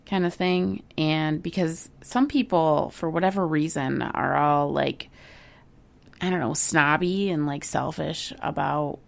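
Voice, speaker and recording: A woman's voice: sits low, measured pace, creaky. A woman co-hosting a podcast, chatting casually with lots of filler words. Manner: chatty, full of "like" and "you know". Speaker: podcast co-host.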